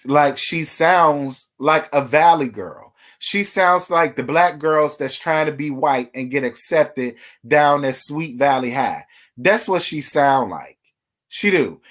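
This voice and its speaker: Man, livestream gossip host, sassy, chatty, slightly high voice. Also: animated, slow pace, a bit bright. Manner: sassy, chatty, talks straight to viewers. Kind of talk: casual reality TV gossip livestream.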